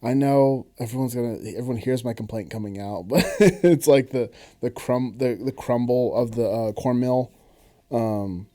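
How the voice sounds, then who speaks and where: A man's voice: medium pitch, normal speed, dark tone. A man co-hosting a podcast in casual chat, rambling with frequent laughs and restarts. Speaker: podcast co-host.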